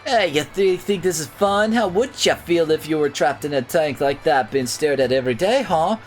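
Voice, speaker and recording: A man's voice: a little high, moderate pace, voice pushed up, close to an everyday voice. A man voicing a brash, cocky young male sailor in a game, attempting a Jamaican accent over faint background music. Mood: taunting.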